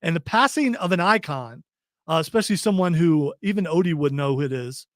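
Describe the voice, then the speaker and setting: A man's voice: a little high, expressive, a little fast, no echo, clean studio sound. A man hosting a casual radio chat show, rambling, repeating himself, self-deprecating.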